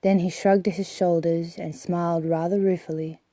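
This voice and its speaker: Woman audiobook reader, even pace; very dark, dry voice. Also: on the low side, normal speed, no echo. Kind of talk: audiobook reading.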